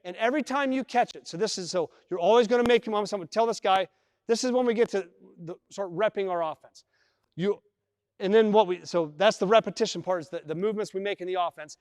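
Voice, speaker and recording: High-voiced coach in an echoing gym. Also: male voice, fast, clean studio sound. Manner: repeats words, demonstrates with players. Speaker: basketball coach. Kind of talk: live coaching clinic on court. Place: large indoor gym. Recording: long reverb in a gym hall.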